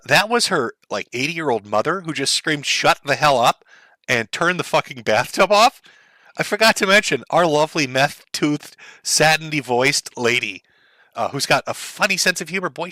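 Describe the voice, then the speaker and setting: A man's voice: fairly high pitch, bright, forceful tone, dry recording. A middle-aged man giving sarcastic, mocking commentary on a live stream for his chat.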